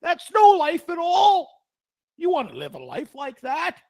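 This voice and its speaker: A man doing a high-pitched impression of an earnest male lecturer who sermonizes about how to live. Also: wildly swooping pitch, measured pace, creaky, darkish tone, no room sound, full character voice. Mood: preachy. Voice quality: sermonizing, emphatic. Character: fervent high-voiced male lecturer, preachy.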